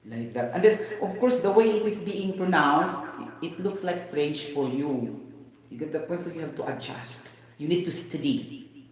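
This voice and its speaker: A man's voice: on the high side, animated, moderate pace, darkish tone. A man with a Filipino accent teaching English informally, often asking whether listeners get the point and slipping into Tagalog phrases. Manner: repeats "you get the point", chuckles, mixes in Tagalog. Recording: very echoey room.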